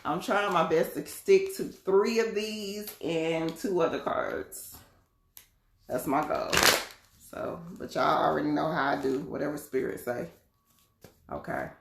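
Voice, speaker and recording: A woman's voice: low voice, measured pace, gravelly, reverberant, background noise. A woman doing a casual live tarot reading, chatty and laughing often, calling her viewers y'all and beloved. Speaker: tarot card reader.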